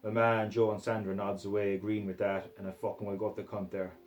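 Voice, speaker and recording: A man's voice: on the low side, little pitch movement, fairly quick, faint music behind, low-quality recording. A man reading a crude novel aloud in a put-on Scottish accent, in a profane, aggressive first-person voice. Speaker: reader.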